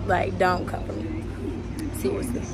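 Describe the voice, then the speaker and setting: A woman's voice: lowish voice, monotone, normal speed, over music. A young woman and mother chatting casually to her viewers in a vlog, slangy and talkative. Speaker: vlogger and mother.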